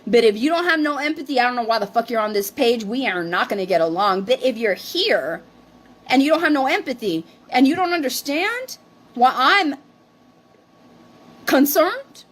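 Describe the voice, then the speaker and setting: A woman's voice: sits high, expressive, normal speed, a bit bright. A woman co-hosting a livestream, ranting defensively and swearing, with Spanish phrases mixed in. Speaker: livestream co-host. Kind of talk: heated casual rant.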